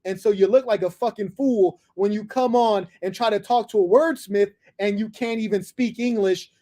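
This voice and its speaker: A high-voiced man runs a combative live call-in show. He lectures and mocks in a condescending tone, talking down to whoever is on the line. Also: normal speed, dark tone. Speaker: livestream host taking callers.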